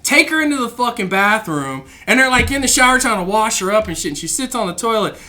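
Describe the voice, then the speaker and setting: A man in a casual podcast chat, telling profane, animated stories and acting out loud quotes. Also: sits high, quick pace.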